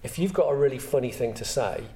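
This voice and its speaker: A man's voice: mid-range voice, animated, fast, dark tone. A man who hosts the show and lectures on comedy, explaining his ideas in a casual, teacherly way. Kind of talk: casual chat. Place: studio.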